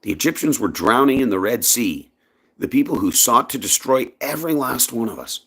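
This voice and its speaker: A man's voice: fairly quick, slightly rough. A man from Canada giving an impassioned personal monologue in his own vlog, speaking emphatically. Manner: emphatic, impassioned, lively swings in pitch. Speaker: vlogger.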